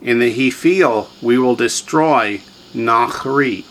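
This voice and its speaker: A man's voice: mid-range voice, a little slow, fairly bright tone, slight background noise, poor audio. A man teaching a classroom lesson, drilling students with repetition and quiz questions. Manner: drills students, has them repeat words, quizzes them. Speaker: language teacher.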